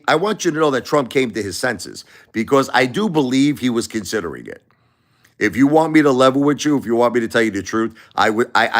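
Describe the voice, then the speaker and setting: A middle-aged man hosting a livestream, talking bluntly and emphatically, often repeating himself. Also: medium pitch. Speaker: livestream host. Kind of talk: casual opinion talk.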